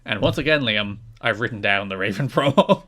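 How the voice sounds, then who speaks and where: A man's voice: on the low side, lively intonation, brisk, sharp tone. Wry male podcast co-host. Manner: dry, laughing, mocking commentary. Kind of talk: casual podcast chat.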